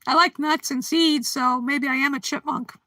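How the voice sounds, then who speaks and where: High, bright-voiced giggly woman streamer. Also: steady tone, moderate pace, no room sound. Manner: chatty and giggly, greeting viewers by name; drowsy, yawning. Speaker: livestream host. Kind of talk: casual chat with live viewers.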